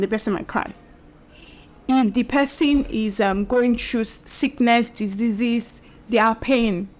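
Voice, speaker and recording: A young woman with a slightly high voice chats casually with her audience as the host of her own show. She repeats herself, drops in fillers and now and then laughs as she talks. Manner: chatty, repetitive, with laughs and fillers. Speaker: podcast and video host. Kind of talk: casual solo talk to camera.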